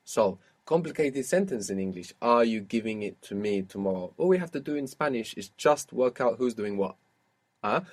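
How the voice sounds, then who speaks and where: A man leads a spoken language lesson at a medium pitch. He sets up phrases, asks for answers and confirms them patiently. His tone stays calm and guiding throughout. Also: normal speed. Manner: patient, prompting and correcting a learner. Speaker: language teacher.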